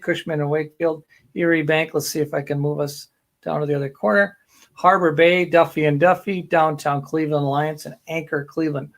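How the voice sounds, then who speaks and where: Upbeat man closing a panel event. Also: fairly high pitch. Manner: upbeat, thanking sponsors in a long list. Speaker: event host.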